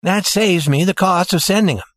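A man doing a calm young safecracker. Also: high-pitched, normal speed, no echo, clean studio sound, pitched above the performer's own voice. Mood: easy. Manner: calm and commanding.

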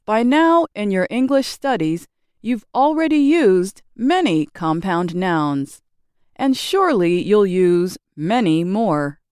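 A woman reading a scripted English grammar lesson with slow, careful, clearly enunciated delivery. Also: mid-range voice, sing-song, darkish tone, no room sound, clean studio sound. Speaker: English teacher.

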